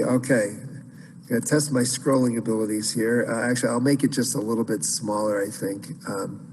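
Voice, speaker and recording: A man's voice: on the low side, big-room sound, background noise. A man teaching Byzantine chant in an online class, explaining casually with many fillers and restarts.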